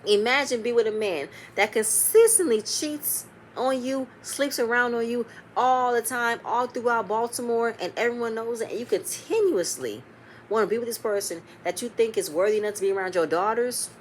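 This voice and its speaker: A woman giving a casual, animated recap of a reality show episode, quoting the cast and swearing freely. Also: a little high, moderate pace, slight background noise.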